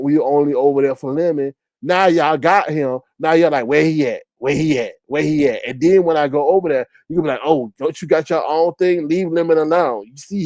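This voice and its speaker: Man with chatting on a live stream, teasing viewers, kinda high voice, dry sound. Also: dry recording, low-quality recording. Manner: animated, teasing, jumps to high exclaiming outbursts. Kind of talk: casual live chat reading viewer comments. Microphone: phone.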